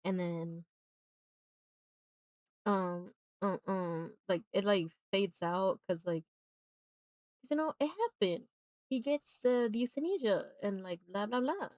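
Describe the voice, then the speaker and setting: A young woman streaming while she draws, retelling a film in a rambling, animated way with many fillers, and turning emphatic and indignant when she gives her opinion. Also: mid-range voice, slow pace, pauses often, no echo, clean studio sound. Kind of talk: casual chat while drawing on a livestream.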